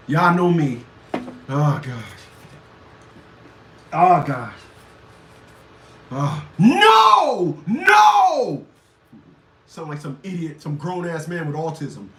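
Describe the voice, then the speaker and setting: A man hosting a livestream, ranting crudely with loud laughs and shouted outbursts. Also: on the high side, slight background noise. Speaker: livestream show host. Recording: echoey room, far from the mic.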